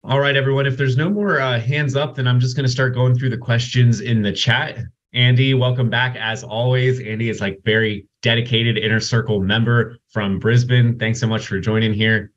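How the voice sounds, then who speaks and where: A man hosting a casual software Q&A webinar over a video call, chatty and loose. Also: medium pitch, steady tone, normal speed, few pauses. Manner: chatty, many restarts and "like"s. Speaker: host of software Q&A. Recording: dull lo-fi call audio.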